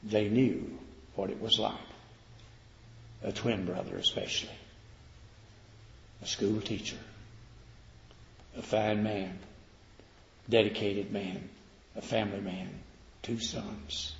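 A man preaching a sermon, swinging from loud declaiming to quiet, slow emphasis. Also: fairly low pitch, level tone, vocal fry. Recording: echoey hall, dull lo-fi sound.

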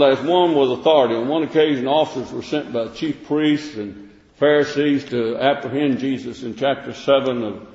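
A man preaching a sermon in plain, repetitive speech, reading King James verses aloud. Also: a little high. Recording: echoey hall, dull lo-fi sound.

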